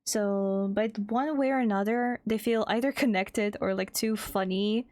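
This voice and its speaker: A woman's voice: medium pitch, fairly even intonation, unhurried, a little mellow, no room sound, clean studio sound. A young woman, rambling casually on a live stream, laughing often, swearing and greeting chat by name. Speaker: VTuber streamer and artist.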